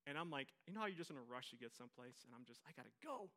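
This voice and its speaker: A pastor from Minnesota preaching in a conversational, animated way with self-mocking humor. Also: male voice, mid-range voice, racing. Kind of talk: sermon storytelling.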